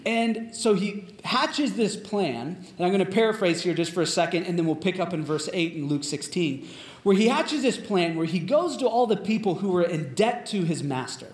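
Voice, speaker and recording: High-voiced preacher in an echoey room. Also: male voice, animated, moderate pace. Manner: conversational, storytelling, many fillers. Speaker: pastor. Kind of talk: sermon.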